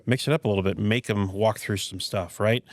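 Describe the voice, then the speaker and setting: A podcast host with years in retail tells stories from the trade in a casual chat, his voice on the low side and a bit quick. He's an animated storyteller who tosses in rhetorical "right?" asides. The recording is dry and close, with no room sound.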